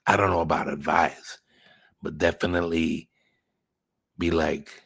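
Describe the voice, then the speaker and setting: Low gravelly casual livestream host man. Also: level tone, unhurried, a bit bright, no room sound. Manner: rambling, swearing, thinking aloud. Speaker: channel host reading live chat.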